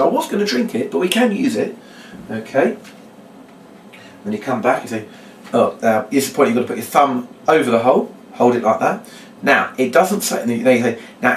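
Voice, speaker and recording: A man, a children's magician, demonstrating a trick step by step and acting out his patter with a brighter voice. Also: slight background noise. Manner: explains step by step, then acts out his patter in a bright, higher voice. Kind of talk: demonstration lesson. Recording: echoey room, mic at a distance.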